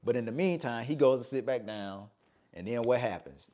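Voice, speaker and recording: This casual podcast host has a medium-pitched voice and a normal speaking speed. His storytelling is animated: he recounts scenes from films, performs the dialogue, and drops "man" frequently.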